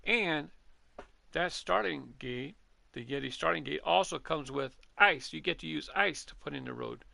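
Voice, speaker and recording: A man's voice: on the high side, moderate pace, creaky, sharp tone, no room sound. A middle-aged man from Southern California, chatting casually and rambling as he comments on his own gameplay. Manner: chatty, rambling, self-correcting. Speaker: gaming channel host.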